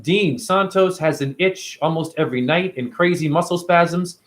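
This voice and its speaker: A man's voice: a little high, moderate pace, fairly bright tone. A man hosting a casual livestream, talking animatedly and profanely and answering viewers by name. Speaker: livestream host reading chat.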